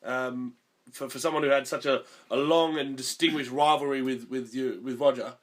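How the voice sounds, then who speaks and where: A man's voice: mid-range voice, fairly even intonation, normal speed. A man co-hosting a casual sports podcast, chatting with teasing banter. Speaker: podcast co-host.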